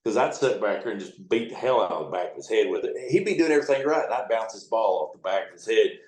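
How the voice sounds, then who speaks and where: A man's voice: on the low side, animated, quick pace, a little mellow. A middle-aged man, a riverboat captain, telling blunt, profane, rambling stories in a casual interview. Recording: echoey room.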